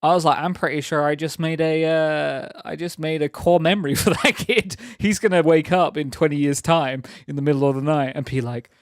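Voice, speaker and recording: A man's voice: fairly high pitch, steady tone, fairly quick, hardly any pauses, no room sound, clean studio sound. A young man chatting casually on a live stream, rambling, laughing often and teasing viewers.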